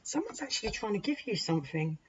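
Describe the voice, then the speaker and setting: A woman's voice: mid-range voice, sing-song, quick pace. Chatty woman giving a tarot reading. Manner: chatty, rambling, talks to the cards as she deals. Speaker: tarot reader. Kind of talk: casual tarot reading to viewers. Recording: dull lo-fi recording with faint hiss.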